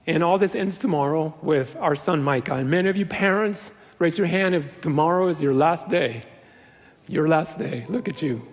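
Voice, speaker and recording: A middle-aged male pastor preaching a sermon in a church, earnest and conversational with self-deprecating humor. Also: sits high. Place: large church sanctuary. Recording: long reverb of a church hall.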